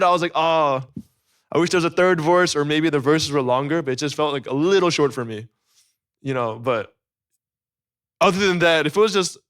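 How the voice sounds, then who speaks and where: A man hosting a live stream, reacting to an album with excited, profane, joking chatter. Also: a little high. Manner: excitable, profane, joking, rapid rating talk. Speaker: livestream host reacting to an album.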